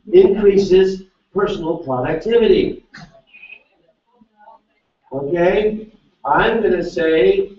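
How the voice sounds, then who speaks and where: Energetic man leading a seminar in an echoey hall. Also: sits high. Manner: energetic, quizzes the audience. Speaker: seminar presenter. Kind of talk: live seminar teaching. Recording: echoey room, distant lo-fi mic.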